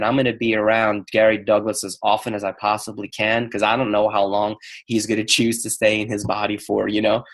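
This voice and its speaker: A middle-aged man telling a personal story on a call, acting out the lines of the people in it. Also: fairly low pitch. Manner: animated storyteller acting out quoted dialogue. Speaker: speaker on a call.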